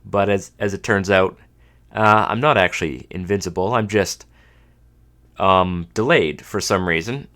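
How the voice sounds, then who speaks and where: A man's voice: low-pitched, a little slow, fairly bright tone. A man in his thirties from Canada hosting a solo podcast, talking casually with dry, self-mocking humor and sounding a little stuffed up from a cold. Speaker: podcast host.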